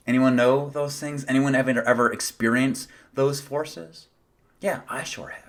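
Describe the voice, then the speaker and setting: A man preaching a sermon as pastor, earnest, asking the congregation rhetorical questions and repeating phrases for emphasis. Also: mid-range voice.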